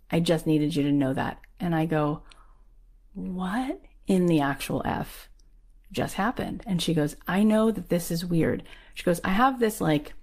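A woman tells a personal story in a low-pitched voice. She talks in a lively, animated way and peppers her speech with "like." She slips into quick acted voices for the people she quotes.

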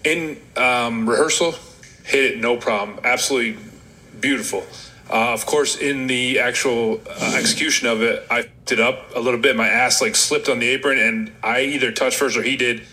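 Candid, bright-voiced man telling war stories. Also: mid-range voice, steady tone, normal speed, low-quality recording. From Rochester, New York. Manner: candid, rambling, self-deprecating. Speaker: guest, former wrestler. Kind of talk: casual interview storytelling.

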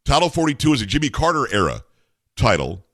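Animated, sarcastic male commentary host. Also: medium pitch, fast, no room sound, studio quality. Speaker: talk show host. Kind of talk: political commentary.

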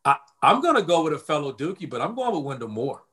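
A man's voice: fairly high pitch, very animated, fast talker, bright, forceful tone. A man co-hosting a casual sports chat, speaking earnestly and laughing easily. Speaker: co-host.

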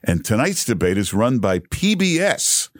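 A man's voice: mid-range voice, sing-song, normal speed, no echo, clean studio sound. A man guest-hosting a political talk radio show, delivering an emphatic, repetitive monologue full of filler sounds.

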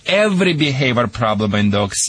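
A man with a Russian accent who hosts a radio show and answers callers' dog questions in a joking, lively way with non-native phrasing. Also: medium pitch, fairly quick, husky, dry recording. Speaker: dog trainer and radio host. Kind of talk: radio call-in advice.

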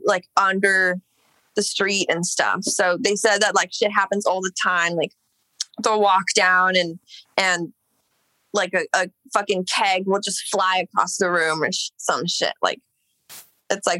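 Speaking fairly low and a little slowly, a young woman from Los Angeles tells a lengthy story as a podcast guest and singer, her tone pushed and bright. She rambles, fills gaps with "like," and swears, all on dry, poor-quality audio.

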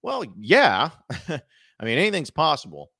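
A man's voice: on the high side, wildly swooping pitch, unhurried, gravelly, sharp tone, no room sound, studio quality. A man hosting a sports podcast, talking casually, rambling and correcting himself as he goes. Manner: rambling, self-correcting, chatty. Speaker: podcast host.

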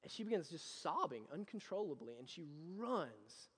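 High-voiced male preacher in a reverberant hall. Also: big pitch swings, moderate pace, husky. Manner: swings from quiet storytelling to loud impassioned preaching. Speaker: pastor. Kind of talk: sermon. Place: church sanctuary.

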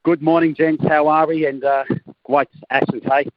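A man's voice: a little high, flat delivery, normal speed, no echo, dull audio. A man, a guest calling in by phone and telling jokey stories in a casual chat. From Australia. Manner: jokey storytelling. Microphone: phone line.

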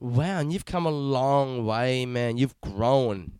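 A man's voice: medium pitch, slow pace, a little mellow, clear, resonant tone, no echo. A man hosting a podcast interview, chatting in a matey, rambling way with lots of swearing and fillers. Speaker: podcast host. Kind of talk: casual chat.

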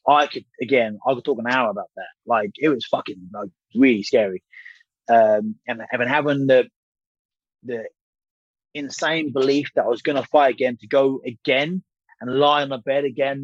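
Male guest in his 30s, husky voice, candid storyteller who swears, dull dry recording. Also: medium pitch, normal speed, dry recording. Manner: candid, swears freely, rambling restarts. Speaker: guest, former boxer. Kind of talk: casual storytelling interview.

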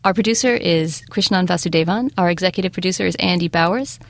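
A woman hosting a film review podcast, quick and joking. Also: lowish voice, vocal fry. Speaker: podcast host. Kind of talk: casual podcast chat.

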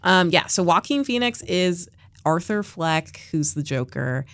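A woman hosting a casual podcast, her voice sitting on the low side but swooping through a lively range. She steers the conversation and leans on fillers as she goes. The sound is close and dry, with no room around it. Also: unhurried, dry recording. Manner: animated, leads segments, lots of fillers. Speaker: podcast host. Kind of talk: casual chat.

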